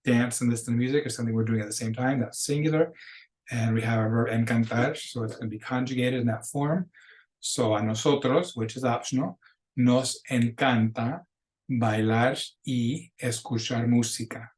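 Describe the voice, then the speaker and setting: A middle-aged man teaching a Spanish lesson in a recorded lecture, explaining patiently and slowing down to model Spanish phrases. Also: medium pitch, fairly even intonation, a little mellow, poor audio.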